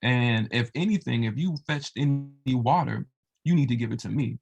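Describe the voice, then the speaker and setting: A man's voice: mid-range voice, normal speed, gravelly, a little mellow, muffled recording, lightly acted. A man voicing the scornful wife of an elephant who demands respect and taunts a rival, in a storytold folk tale. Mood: taunting.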